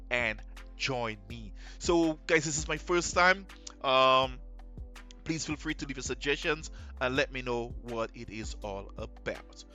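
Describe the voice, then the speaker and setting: A man's voice: mid-range voice, pushed and bright. A man hosting a reaction video, chatting casually and speaking straight to viewers. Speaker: reaction channel host.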